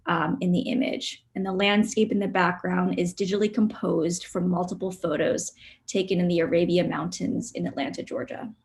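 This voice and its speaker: A woman artist presenting her work on a video call, soft-spoken and reflective, with frequent ums. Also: fairly low pitch. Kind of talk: virtual studio visit presentation.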